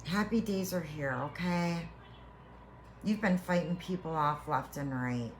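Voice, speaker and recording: A woman tarot reader speaks slowly and earnestly in a lowish voice, offering a heartfelt spiritual reading. She halts and restarts her phrases as she reassures the listener. A faint hum of background noise sits under her voice. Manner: halting with repeated restarts.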